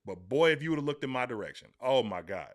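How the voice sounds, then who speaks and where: A man's voice: mid-range voice, quick pace. A man with a Southern US accent hosting a casual sports talk show, telling stories emphatically. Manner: emphatic, animated storytelling.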